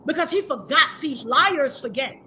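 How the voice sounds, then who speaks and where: Woman, very high voice, bright tone, defiant livestream rant, emphatic, preachy. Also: animated, moderate pace, a little hiss or hum.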